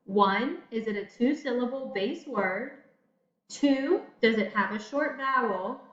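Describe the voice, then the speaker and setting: Woman teacher for a kids' spelling lesson: slightly high voice, very slow and patient, echoey room, dull lo-fi sound. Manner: slow, encouraging teacher talk to young students. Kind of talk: recorded classroom lesson.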